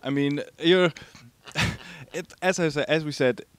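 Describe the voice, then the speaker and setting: A man's voice: a little high, takes it slowly. A man interviewing a guest, asking his questions hesitantly with restarts. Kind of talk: casual interview.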